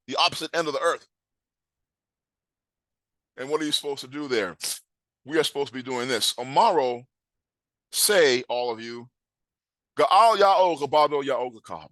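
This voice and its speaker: A man's voice: medium pitch, normal speed, long pauses, fairly bright tone, no room sound. Man, scripture teacher, emphatic, questioning, dry close sound. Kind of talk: scripture class.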